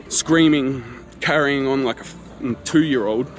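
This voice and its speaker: This travel vlogger is a man in his 30s with a mid-range voice who speaks unhurriedly and pauses often, with soft background music and faint street noise behind him. Addressing the camera casually, he retells a frustrating encounter with animated exasperation, quoting what was said.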